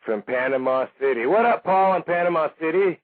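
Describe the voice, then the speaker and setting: A man's voice: fairly high pitch, expressive, a little fast. A man hosting a loose call-in radio show, joking around and swearing freely. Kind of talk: loose, profane radio talk. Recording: tinny phone-like radio audio.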